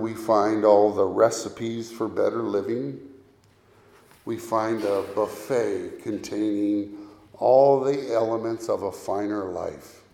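A man preaching a sermon as a pastor, speaking deliberately and leading his listeners through recited scripture. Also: fairly low pitch, creaky, mellow. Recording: echoey room.

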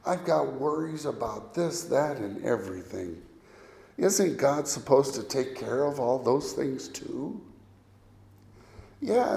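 A man preaching a sermon as a pastor, speaking deliberately and leading his listeners through recited scripture. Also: medium pitch, vocal fry, a little mellow. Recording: echoey room.

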